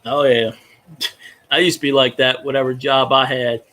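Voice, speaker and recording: A man in his thirties from Louisiana, a fan podcast host ranting in casual chat, profane and excitable. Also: mid-range voice, normal speed. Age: 30s.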